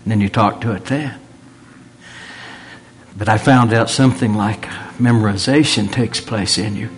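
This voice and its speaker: A man's voice: lowish voice, normal speed, soft background music. A man preaching a sermon in an earnest way, repeating phrases for emphasis and dropping in humorous asides.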